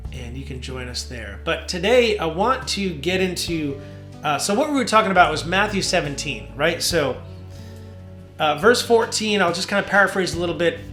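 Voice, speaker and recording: A man, a worship leader, hosting a casual devotional talk from his home studio, relaxed and rambling with many fillers. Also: a little high. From New Jersey. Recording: roomy studio with soft guitar.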